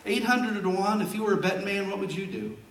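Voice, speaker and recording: A man preaching a sermon as a pastor, an animated storyteller who jokes as he talks, recorded in a church sanctuary. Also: high voice, fast talker, slight background noise. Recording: roomy and distant from the mic.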